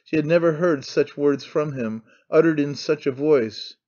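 A male audiobook narrator reads in a measured, even storytelling way. His voice sits a little high, and the recording sounds dull and lo-fi. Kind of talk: scripted narration.

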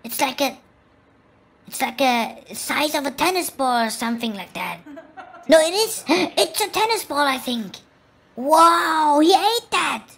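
A woman hosting a reaction video, excitable, gasping and laughing with constant exclamations over the clips. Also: sits high, measured pace. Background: clip sound and music playing.

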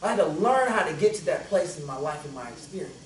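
A pastor preaching a sermon, telling a story with humor and laughter, swinging from loud outbursts to hushed, prayerful lines. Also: male voice, fairly high pitch, animated, fast talker, crowd noise. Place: church sanctuary. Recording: echoey church hall from far off. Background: congregation calling out responses.

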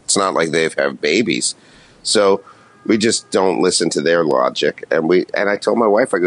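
A man from Canada, a comedian guest, talking in a rambling casual chat with deadpan jokes. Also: low-pitched, fairly quick.

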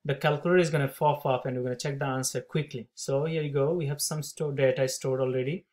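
Math teacher for a calculator tutorial, loud projecting classroom delivery, upbeat, mid pitch. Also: steady tone, fast talker. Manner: upbeat, talks steps aloud.

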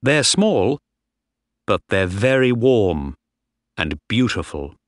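Casting: man playing a tired, calm young officer, slow and low, dry sound. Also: dry recording. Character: tall, weary young male ship's officer.

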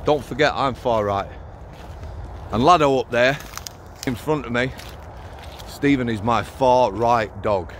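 A man's voice: medium pitch, a little slow, pauses often, slight background noise. A man in his fifties with a Sheffield Yorkshire accent, a former prison officer talking bluntly to camera outdoors in short, punchy phrases. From Sheffield, Yorkshire, England. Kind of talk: casual monologue to camera. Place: outdoors on a cold hilltop.

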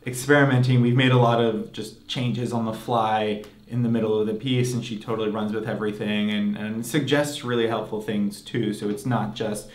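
A man composer giving encouraging, halting feedback in rehearsal and speaking about his work. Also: on the low side, steady tone. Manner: halting, encouraging, restarts often. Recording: very echoey room, voice far from mic, faint noise.

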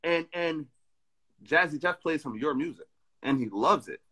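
A man's voice: a little high, expressive, moderate pace, pushed and bright. A man hosting a casual interview, encouraging his guest and steering the talk with questions. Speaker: podcast host.

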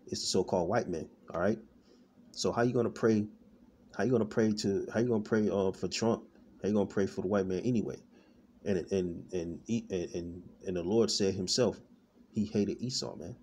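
A man's voice: low-pitched, a little mellow, a little hiss or hum. A man giving an informal online sermon in a loose, repetitive way, often stopping and restarting as he searches for words. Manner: loose, repetitive, peppered with "man" and "all right". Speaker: street-style preacher.

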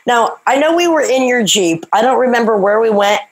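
A woman's voice: fairly high pitch, animated, brisk. A middle-aged woman hosting a podcast interview, talking in a blunt, wry, direct way. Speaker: podcast host. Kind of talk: casual interview chat.

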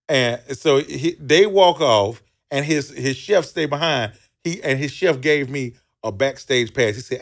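A man's voice: medium pitch, a little slow, vocal fry, few pauses. Profane Southern man telling a story. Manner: loose, profane storytelling with laughs. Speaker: comedian guest. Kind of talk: storytelling on a comedy talk show.

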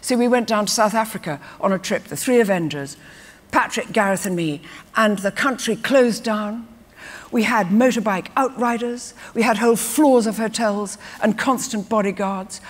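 An older woman, an actress, telling lively anecdotes on stage and acting out quotes. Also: mid-range voice, normal speed. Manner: lively storyteller who acts out quotes. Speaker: guest actress. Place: festival stage before an audience. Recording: reverberant live hall.

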